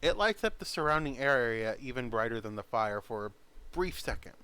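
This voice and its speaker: A male game master narrates scenes in a casual, descriptive way. He stops for fillers and asides now and then. His voice is smooth and resonant, at a middle pitch. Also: animated, fairly quick, bright, forceful tone.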